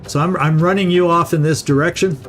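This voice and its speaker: A middle-aged man talks casually over his gameplay in a slightly higher voice. He thinks aloud and repeats words as he restarts his thoughts. Faint music plays beneath him. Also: fairly even intonation, fairly quick, fairly bright tone. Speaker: gaming channel host. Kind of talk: casual let's-play commentary.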